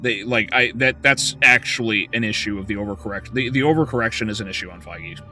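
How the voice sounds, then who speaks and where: A man's voice: on the low side, fast, sharp tone, soft background music. A male game streamer in casual livestream chat, ranting heatedly with profanity and frequent stumbling restarts.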